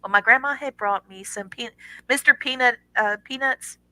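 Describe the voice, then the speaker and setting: A middle-aged woman tells a personal story as a radio guest, animated and dramatic, slipping into the voices of the people in it. Her voice is very bright and cutting, and the close mic is completely dry. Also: a little high, normal speed, no echo, low-quality recording. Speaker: guest on a paranormal radio show. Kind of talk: casual storytelling.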